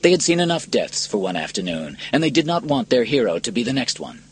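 A man narrating a scripted story in a dramatic, expressive reading style with a husky voice. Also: medium pitch, brisk, faint music behind.

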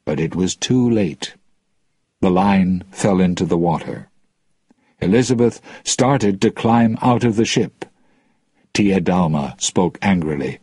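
A man narrating an audiobook in a slow, deliberate, plain reading. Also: deep voice, expressive, a little mellow, breathy edge, no room sound.

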